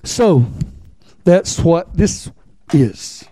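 A man's voice: fairly high pitch, animated, extremely slow, mellow, no echo. A male preacher teaching a Bible sermon in a church, folksy and repetitive, asking the congregation questions. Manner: folksy, repeats key words, asks the congregation.

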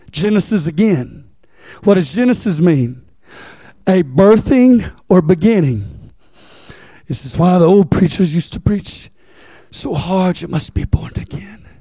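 A man's voice: high voice, mellow, dry recording, studio quality. A male preacher teaching a Bible sermon in a church, folksy and repetitive, asking the congregation questions. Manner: folksy, repeats key words, asks the congregation.

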